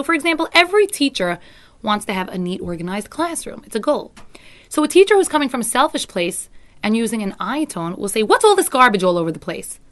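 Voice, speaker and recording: Woman, middle-aged parenting coach, earnest and steady, mid-pitched voice. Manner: earnest, acts out teacher voices in quotes. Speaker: parenting educator. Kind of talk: talk to parents.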